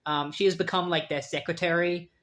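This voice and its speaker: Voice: medium pitch, steady tone, brisk, a bit bright. A comic book reviewer giving a casual, chatty recap full of fillers and wry asides.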